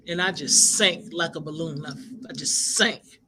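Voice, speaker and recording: A middle-aged woman, a life coach and minister, telling inspirational stories in an animated, expressive way. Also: sits low, measured pace, husky. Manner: animated, expressive, acts out quoted voices. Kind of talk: inspirational storytelling broadcast.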